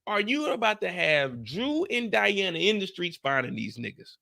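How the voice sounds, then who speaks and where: Dude streaming a show recap, gravelly voice, keeps acting out the characters. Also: male voice, high-pitched, normal speed, few pauses. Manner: animated storytelling, acts out characters' lines with slang and cursing. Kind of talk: casual live-stream recap.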